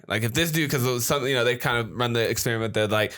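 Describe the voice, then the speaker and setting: Male podcast host, bright tone, loose rambling delivery with laughs. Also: on the low side, steady tone, racing, hardly any pauses. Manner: rambling, laughs while retelling stories. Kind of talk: casual podcast chat.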